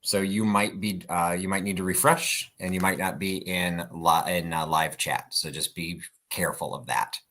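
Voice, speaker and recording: Bright-voiced low-pitched man co-hosting. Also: steady tone. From South Jersey. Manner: quick, practical, manages bids. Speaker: auction co-host. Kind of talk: live-stream auction chat.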